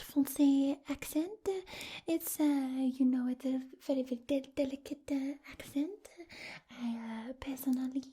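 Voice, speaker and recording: A woman voicing a chatty Frenchman with a French accent in a whispered role-play, halting and full of fillers. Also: high voice, warm tone, pitched above the performer's own voice. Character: Frenchman named Laurent, charmed and chatty.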